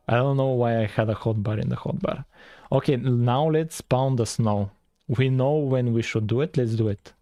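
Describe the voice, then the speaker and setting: A man's voice: mid-range voice, warm tone, no room sound. A man with a French-tinged accent, streaming while coding and chatting casually with viewers, full of fillers and loose asides. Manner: rambling, filler-heavy, chats with viewers. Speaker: game-dev streamer.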